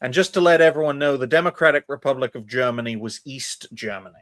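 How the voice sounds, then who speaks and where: A man's voice: mid-range voice, fast talker, fairly bright tone. A man hosting a casual streamed panel podcast, talking animatedly and calling the listeners folks. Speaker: podcast host.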